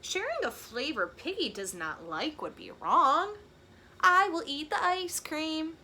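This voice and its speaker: A woman's voice: high-pitched, big pitch swings, a little slow, sharp tone, a little hiss or hum, pitched above the performer's own voice, exaggerated voice. A woman voicing an eager young male elephant in a picture book, gushing and torn between treating himself and sharing. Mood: deciding. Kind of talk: picture-book read-aloud voice.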